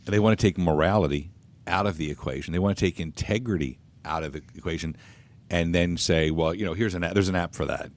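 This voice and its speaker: A man hosting a talk show, telling stories in an animated, opinionated way. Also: sits low, fast. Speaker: radio talk show host. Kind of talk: radio talk show chat.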